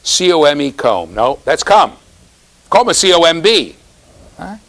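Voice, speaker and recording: A man's voice: a little high, big pitch swings, unhurried, fairly bright tone, rough recording. A man giving a university classroom lecture, teasing students and checking in with "right?".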